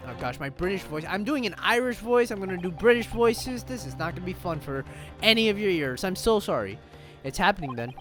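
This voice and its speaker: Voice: medium pitch, expressive, a little fast, fairly bright tone. A gamer casually commenting on a story game, self-deprecating and giggly. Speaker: let's-play gamer. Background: faint game music.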